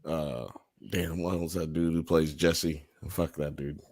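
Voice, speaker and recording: Male podcast host, very deep voice, blunt and profane, hot takes. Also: level tone, a little slow, darkish tone. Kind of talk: casual late-night podcast banter.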